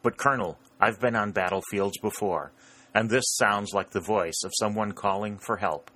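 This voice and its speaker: A man voicing a seasoned, alert army sergeant who speaks a little higher and brisker than the narration. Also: pushed and bright. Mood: urgent.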